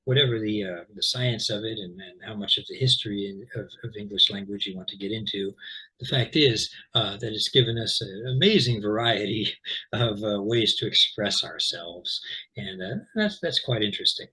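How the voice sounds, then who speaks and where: In an informal online English pronunciation lesson, a man with a lowish, husky, pushed and bright voice speaks at normal speed on a low-quality recording. He explains patiently, rambling with fillers and restarts and checking in with "okay?".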